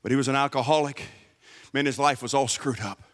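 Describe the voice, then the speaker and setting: A man giving a sermon as a guest pastor in a church, swinging from shouted emphasis to low, quiet asides. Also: fairly even intonation, brisk, big-room sound. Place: church service.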